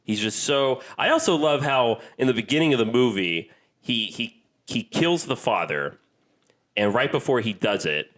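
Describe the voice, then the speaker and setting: A man co-hosting a podcast in casual chat, excitable and swearing freely as he retells film scenes. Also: mid-range voice, normal speed. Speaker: podcast co-host.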